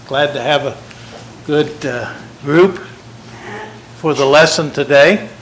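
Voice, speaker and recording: Older guy giving a sermon, slightly high voice, real slow and folksy, pokes fun at himself. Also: fairly bright tone, a little hiss or hum, low-quality recording. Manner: folksy, self-deprecating, unhurried. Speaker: preacher.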